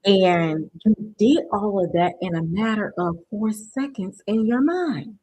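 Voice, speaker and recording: A woman's voice: medium pitch, lively intonation, measured pace, dark tone, no room sound, rough recording. A woman hosting a live-stream motivational workshop, talking conversationally and often checking in with her viewers with "right?". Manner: conversational, keeps asking "right?" to the chat; addresses viewers directly and checks they understand. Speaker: workshop host.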